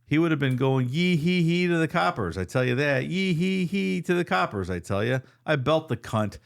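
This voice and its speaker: A man putting on a rambling, gravelly old brawler. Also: fairly high pitch, expressive, normal speed, voice pushed up. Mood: rambling boastful. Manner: rambling, boastful, swearing. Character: foul-mouthed old male Outback brawler.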